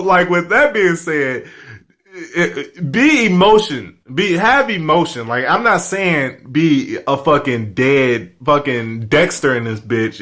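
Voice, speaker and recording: A man's voice: medium pitch, fairly bright tone. A man vlogging in casual chat, rambling and candid, with constant fillers and frequent profanity. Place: home studio.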